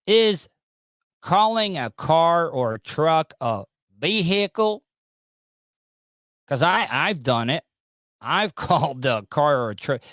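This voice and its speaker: Guy doing a podcast, cracking jokes over news clips, higher voice, dry close sound. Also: a bit bright, no room sound. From Southern US. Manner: wisecracking, mocking asides. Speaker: podcast host. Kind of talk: casual commentary on news clips.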